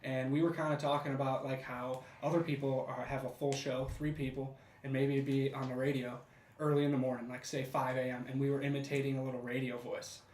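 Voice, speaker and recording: A man's voice: medium pitch, fairly quick, far from the mic. Podcast guy chatting, sits back from the mic, roomy echo, faint noise behind. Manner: relaxed, conversational storytelling. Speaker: podcast co-host. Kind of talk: casual chat. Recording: echoey room, off mic.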